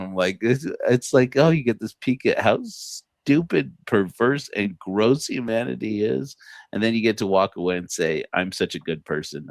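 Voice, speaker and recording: Lowish guy rambling on a livestream, lots of uh and um, dry close mic. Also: no room sound. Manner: rambling, many fillers and restarts, laughs at own jokes. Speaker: podcast host. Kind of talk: casual livestream commentary.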